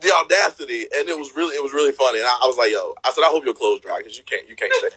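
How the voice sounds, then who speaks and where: A man's voice: medium pitch, expressive, racing, fairly bright tone, slightly rough, low-quality recording. A man casually telling a dating story, acting out what each person said and laughing often.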